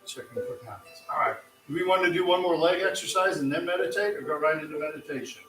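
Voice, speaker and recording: Male tai chi teacher, mid-pitched, steady counted cues, recorded from a distance in a reverberant room with music underneath. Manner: calm, counting out slow cues. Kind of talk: guided exercise class instruction. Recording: roomy, distant mic with music.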